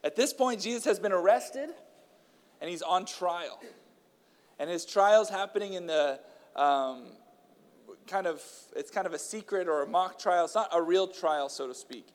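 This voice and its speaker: Speaking in an unhurried way, a male preacher with a fairly high voice starts his sermon casually, with some filler words. Then he reads out long passages with heavy emphasis, and a long reverberant tail suggests a big hall.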